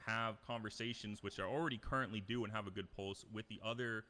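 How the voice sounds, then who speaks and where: A man's voice: on the low side, steady tone, fast talker, sharp tone. A man candidate giving rambling, earnest debate answers with fillers.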